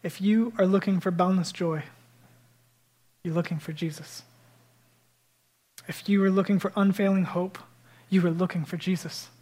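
A man's voice: sits high, steady tone, moderate pace, pauses often, mellow. A man preaching an Easter sermon as pastor, casual with fillers, then building to fervent emphasis.

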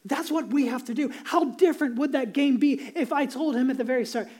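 Male pastor, 30s, earnest conversational preacher, dark mellow voice. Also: very high-pitched, brisk, few pauses. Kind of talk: sermon.

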